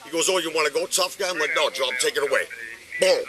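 A man's voice: fairly high pitch, rapid-fire, a crowd in the background. An older man talking outdoors on a street, agitated and swearing often while explaining a dispute, picked up by a body camera. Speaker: bystander in police dispute. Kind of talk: heated street argument. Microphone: police body camera.

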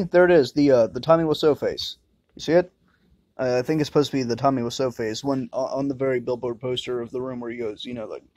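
A let's-play gamer gives crude, joking commentary while playing a horror game, muttering and swearing to himself. His voice is medium-pitched and darkish, with no room sound.

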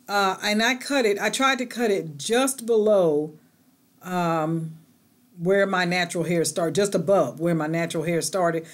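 A middle-aged woman talks straight to her camera in a casual home vlog. She is chatty and animated, and her voice moves between bright excitement and soft, hushed moments. Her pitch sits in a middle range. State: out of breath. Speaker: vlogger.

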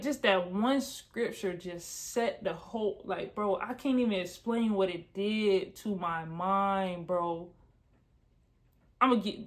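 A young woman speaks straight to her camera, sharing her faith in an earnest, casual way. She circles back over her words and drops slangy asides as she goes. Her voice sits in a middle pitch. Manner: earnest, repeats herself, slangy ("bro", "y'all"). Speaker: Christian vlogger sharing testimony. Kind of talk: casual heartfelt testimony to camera.

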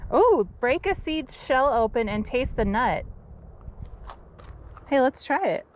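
A woman's voice: sits high, big pitch swings, slow pace, slight background noise. A woman vlogging on a mountain hike, chatty and bubbly, cooing at her dog in baby talk. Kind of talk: casual outdoor vlog. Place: outdoors on a mountain trail.

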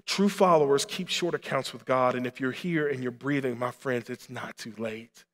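A man's voice: mid-range voice, normal speed. Man preaching in a reverberant hall. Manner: earnest preaching, rising to impassioned appeals. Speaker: pastor. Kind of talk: sermon. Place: church sanctuary.

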